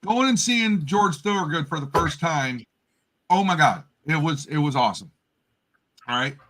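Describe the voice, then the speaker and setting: A man in his fifties, a grandfather, telling stories in a casual livestream chat with quick laughs. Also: on the high side. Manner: animated storyteller, quick laughs. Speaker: co-host.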